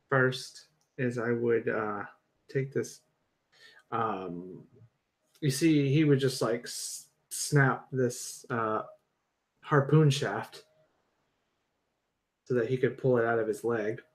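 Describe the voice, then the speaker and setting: A man playing a tabletop game, narrating his turn hesitantly with many pauses and fillers. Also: mid-range voice. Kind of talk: casual tabletop play.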